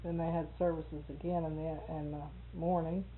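A woman's voice: sits low, level tone, normal speed, a little hiss or hum. A middle-aged woman, chatting casually and telling rambling stories with frequent laughs. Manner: chatty storyteller, laughs often. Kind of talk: casual conversation. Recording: phone-like narrow band.

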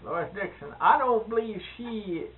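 A man's voice: sits high, lively intonation, a little slow. A man in a casual interview, mostly giving short affirmations and asking questions. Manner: brief affirming replies, questioning. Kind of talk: conversational interview. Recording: tinny narrow-band old tape.

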